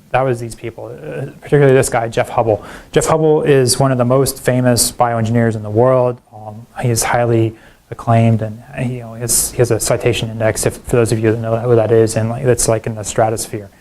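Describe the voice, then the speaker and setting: A man's voice: medium pitch, brisk. A middle-aged man, a professor, giving a public lecture full of self-deprecating stories and asides like "right?". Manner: animated storyteller, self-deprecating, frequent "right?" and "like". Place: university lecture hall.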